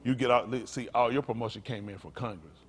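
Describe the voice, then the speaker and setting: Fast-talking preacher guy, folksy, calls out to the congregation, jumps high and loud then drops low. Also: slightly rough. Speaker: pastor. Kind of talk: sermon teaching.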